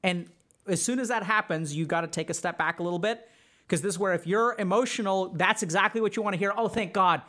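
A man's voice: sits high, quick pace, bright, forceful tone. A man hosting a podcast as a mental health doctor, talking through relationship advice in an earnest, conversational way with many fillers. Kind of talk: casual advice talk.

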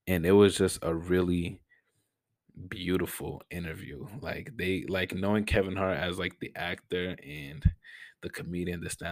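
Deep gravelly young man, podcast host. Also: dry recording. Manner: laid-back, slangy, rambling with fillers; stutters. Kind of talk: casual solo podcast talk.

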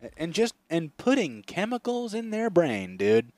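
Young man, podcast co-host, lively swinging pitch, slightly high voice, dry close mic, profane banter. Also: unhurried, no room sound. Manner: profane, animated, slips into mocking impressions. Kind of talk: casual comedic chat.

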